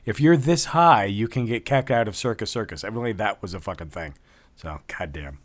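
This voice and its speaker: Profane, laughing podcast host. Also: male voice, fairly low pitch, lively intonation, fairly quick, no echo. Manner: profane, laughs often, reads out calls. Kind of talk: casual chat.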